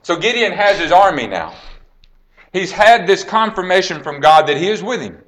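Male preacher, bright higher voice, dramatic storyteller who swings from hush to loud. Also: sing-song, normal speed. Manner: dramatic storytelling, acts out quoted lines, drops to a hush then rises. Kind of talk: sermon retelling a Bible story.

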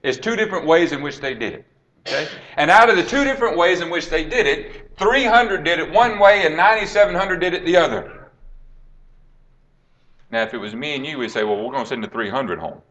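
A man preaching, retelling a Bible story with dramatic swings between hushed and raised delivery and acting out the quoted lines. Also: fairly high pitch, lively intonation, a little fast. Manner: dramatic storytelling, acts out quoted lines, drops to a hush then rises.

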